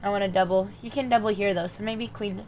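With a quick pace and a mid-range voice, a young chess streamer narrates her thinking, a slight hiss or hum audible. She alternates between muttered calculations and animated bursts of talk with her viewers.

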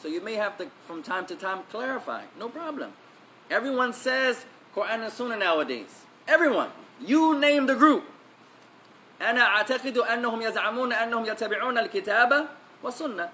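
An Islamic teacher delivers a religious lesson in a high, sharp voice, speaking rapid-fire with lively intonation. He is emphatic, repeats key phrases, and moves between English and Arabic recitation. Slight background noise is audible.

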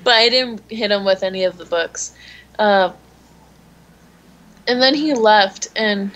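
A woman's voice: mid-range voice, slow, a bit bright, rough recording. A teenage girl co-hosting a podcast, telling a story in a giggly way and quoting what others said. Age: teens. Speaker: podcast co-host. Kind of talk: casual chat.

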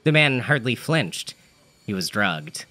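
A man's voice: medium pitch, sing-song, takes it slowly, sharp tone. A man telling an absurd comedic story in a dry, matter-of-fact manner. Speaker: narrator.

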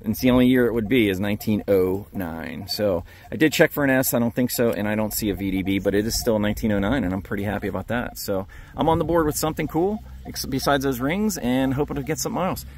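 An upbeat man narrates casually as he works a dig site outdoors. He cheers his friends on at a middle pitch, and his talk is loose and unscripted. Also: expressive, fast, hardly any pauses, a little mellow, slight background noise. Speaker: metal detecting vlog host.

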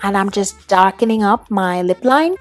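A woman's voice: medium pitch, animated, normal speed, loud music behind the voice. A young woman from Trinidad doing a put-on British accent, chatty and gushing as she voices over a makeup tutorial. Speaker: beauty vlogger.

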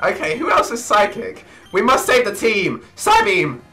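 A young man giving hyper, excitable gameplay commentary, often breaking into shrieks and laughter. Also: high voice, normal speed, faint music behind, rough recording. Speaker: let's play gamer.

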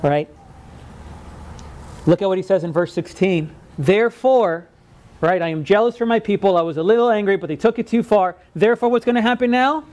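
A male pastor preaching a sermon in a conversational way, often asking "right?" and acting out quoted words in lively voices. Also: high voice, brisk.

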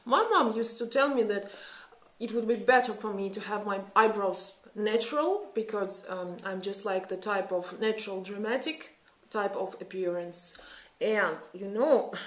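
A woman in her thirties with a Russian accent, chatting and thinking aloud while doing a makeup tutorial. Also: mid-range voice. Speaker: beauty vlogger. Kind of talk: casual makeup tutorial chat. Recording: echoey room.

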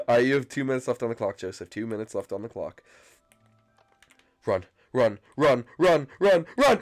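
A young man doing excited, frantic gameplay commentary as a channel host, often yelping and screaming when chased. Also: medium pitch, normal speed, faint music behind.

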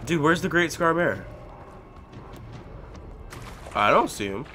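A young man giving let's play commentary on a game, excitable and pleading loudly with his in-game pet bear. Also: on the high side, a little fast, a little hiss or hum. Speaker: gaming YouTuber.

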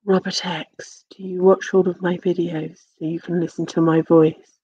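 A woman's voice: lowish voice, flat delivery, moderate pace, mellow, breathy edge, lo-fi sound. A young English woman chatting casually with her live-stream viewers, teasing and swearing, with lots of fillers.

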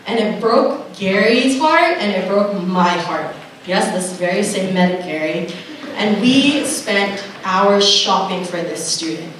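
A woman's voice: medium pitch, expressive, slow pace, fairly bright tone. Young woman speaking in an echoey hall. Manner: earnest storytelling with laughs and acted-out dialogue. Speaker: camp speaker. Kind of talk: personal testimony message. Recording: echoey hall from far off, noisy.

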